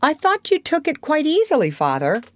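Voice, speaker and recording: A woman reading a storybook aloud, voicing an eager, helpful young girl who speaks brightly and earnestly, in a dry close recording. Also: a little high, huge pitch swings, a little slow, dry recording, voice pushed up, exaggerated voice.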